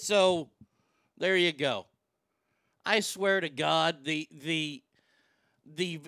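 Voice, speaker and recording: A man's voice: high-pitched, creaky, clear, resonant tone, no room sound. A man hosting a radio show, ranting angrily and swearing, feeling sick after being up all night. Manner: profane, ranting, shouting in outbursts. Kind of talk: angry talk radio rant. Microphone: broadcast board mic.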